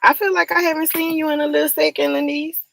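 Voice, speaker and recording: A woman with a gravelly, fry-tinged voice chats loosely on her livestream, calling out viewers by name. She laughs often and swears freely. The sound is close and dry, with no room echo. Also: high-pitched, flat delivery, fast, a bit bright. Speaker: livestream host. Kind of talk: casual livestream chat.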